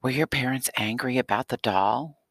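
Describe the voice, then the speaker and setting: A man's voice: medium pitch, moderate pace, a bit bright, breathy edge, no room sound. A man reading a whiny, possessive schoolgirl. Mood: wheedling. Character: clingy, jealous, sulky schoolgirl. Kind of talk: audiobook character reading.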